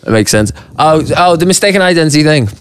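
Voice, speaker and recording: A man tells a pub story on a podcast, animated and swearing freely, slipping into quick voices for the people in it. His tone is smooth and resonant. The sound is close and dry, with no room around it. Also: on the high side, no room sound. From Liverpool, England. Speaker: podcast co-host. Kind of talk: casual chat, storytelling. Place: podcast studio.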